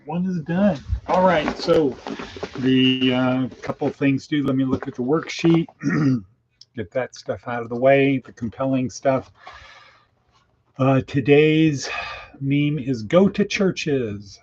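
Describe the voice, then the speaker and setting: A man's voice: medium pitch, slow, darkish tone. A man hosting a daily podcast in a casual, folksy monologue full of plain-spoken idioms. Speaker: podcast host. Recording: dull lo-fi with faint hiss.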